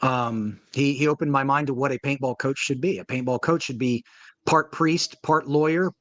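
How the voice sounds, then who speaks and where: A man, a paintball coach, talking casually in an interview and telling animated stories with acted-out quotes. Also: medium pitch, normal speed, no room sound. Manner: animated storyteller, acts out quoted voices.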